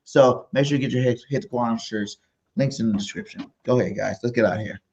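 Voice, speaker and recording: A man co-hosting a sports podcast in a loud, animated voice, repeating his hot takes with hype. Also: mid-range voice, fast talker, highs cut off. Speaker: podcast co-host. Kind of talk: hyped sports podcast chat.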